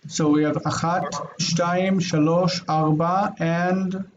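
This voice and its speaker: A man's voice: sits high, steady tone, slow pace, muffled recording, slight background noise. A man teaching a Hebrew class online, explaining patiently step by step with frequent fillers.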